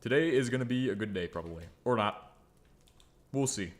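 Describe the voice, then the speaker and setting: Brisk and animated, with a mid-range voice, a gaming creator cracks jokes about himself while building. His commentary stays casual, broken up by muttering and humming.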